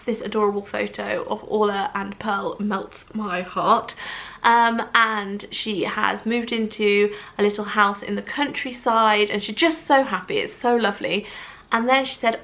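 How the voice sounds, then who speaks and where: A woman, chatting casually in a vlog, bubbly and gushing, her voice leaping up when excited. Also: mid-range voice. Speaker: vlogger. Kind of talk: casual chat.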